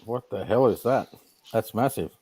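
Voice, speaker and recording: A man's voice: on the low side, normal speed, noisy background. An easygoing man chatting with hesitant starts in casual live-stream banter.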